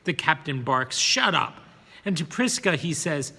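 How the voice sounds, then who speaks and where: A man's voice: on the high side, moderate pace, bright, forceful tone, long reverb tail. A man narrating a first-person story, sometimes repeating words as he reads.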